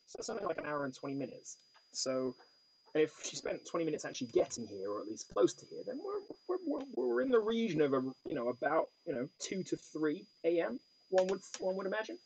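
A man hosting a solo detective board game play-through, reading the case aloud and thinking out loud with stammering restarts. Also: high-pitched, sing-song, fast talker, creaky, husky, poor audio.

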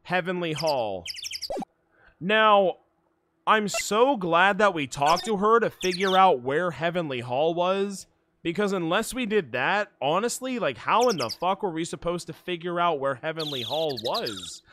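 A man's voice: high-pitched, lively intonation, a little slow, background noise. A man giving casual let's play commentary while he plays, swearing freely as he talks. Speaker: streamer. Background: game music.

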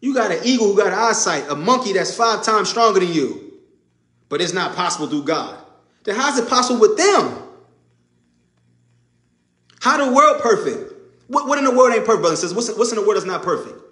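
A man's voice: high-pitched, very animated, brisk, pauses often, sharp tone, echoey room. A man preaching an informal sermon, emphatic and conversational, repeating his points. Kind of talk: informal sermon to a live audience.

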